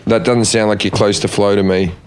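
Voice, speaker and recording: A man's voice: lowish voice, level tone, fairly quick. A man with an Australian accent, co-hosting a podcast with blunt, teasing questions and crude casual banter. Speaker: podcast co-host.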